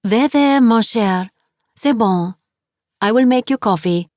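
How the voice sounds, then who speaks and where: A woman voicing a kindly, cheerful French guest house landlady with a French accent, fussing warmly over her guest. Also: on the high side, lively intonation, slow pace, no room sound, clean studio sound, voice pushed up. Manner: warm, fussing, motherly.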